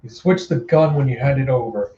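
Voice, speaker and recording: A man's voice: medium pitch, a little fast, dark tone, roomy sound, muffled recording, close to an everyday voice. A man voicing a brash young male fighter who taunts his opponents bluntly. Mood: taunting.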